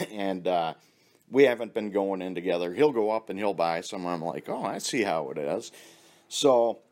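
A man with a very low, deep voice spins loose, rambling stories in a casual, offhand way. He swears freely and chuckles at his own jokes as he goes. The tone is relaxed and conversational, as if talking to a friend. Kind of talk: casual storytelling.

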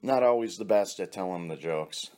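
A man's voice: low-pitched, expressive, moderate pace, dark tone. A man casually telling rambling, profane stories about his friends, laughing at his own jokes. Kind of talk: casual storytelling.

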